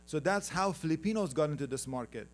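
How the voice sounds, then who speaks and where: This panel speaker is a man from Afghanistan whose Afghan-accented voice is a little high, expressive and quick. His slide presentation at the conference is conversational, and he keeps joking with the audience, teasing them and asking to move to the next slide.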